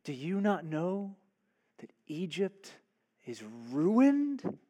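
Preacher as anxious male servants: urgent plea, high and drawn out. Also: big pitch swings, extremely slow, mellow, heavily acted. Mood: pleading.

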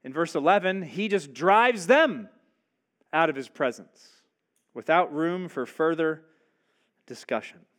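Male pastor, sermon, conversational; high-pitched, measured pace. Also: a bit bright. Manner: conversational, asks rhetorical questions.

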